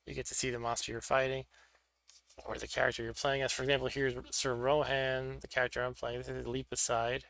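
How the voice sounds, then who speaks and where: Gravelly, bright-voiced man chatting casually. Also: medium pitch, little pitch movement, brisk. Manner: chatty, thinking aloud while setting up pieces. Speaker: board game streamer. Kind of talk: casual solo play-through commentary.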